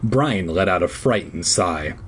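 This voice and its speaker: A man's voice: sits low, expressive, unhurried, slightly rough. A man reading a spooky children's story aloud casually, with a sore throat. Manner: casual, swears in asides. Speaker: reader.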